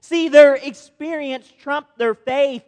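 A man's voice: very high voice, takes it slowly, a little mellow. A man preaching a sermon as a pastor, earnest and posing rhetorical questions to his listeners. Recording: long reverb of a large hall.

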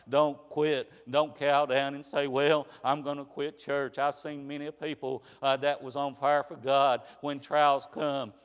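A man preaching a sermon in an earnest, plain way, often pausing with "uh" and restarting phrases. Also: medium pitch. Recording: reverberant hall.

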